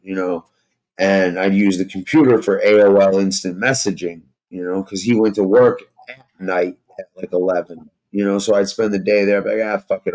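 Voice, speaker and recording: A man's voice: low-pitched, darkish tone, poor audio. A man telling a rambling, profane story in casual chat, full of fillers like "you know" and "like".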